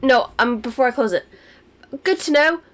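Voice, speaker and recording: A woman's voice: sits high, moderate pace, a bit bright. A woman player in a tabletop game, casually stating what her character does. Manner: casual, in-character action statements.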